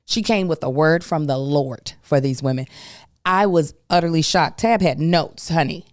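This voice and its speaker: A woman hosting a podcast, telling a story in a casual, emphatic, animated way with folksy asides. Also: sits low, moderate pace, no echo, clean studio sound. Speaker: podcast host.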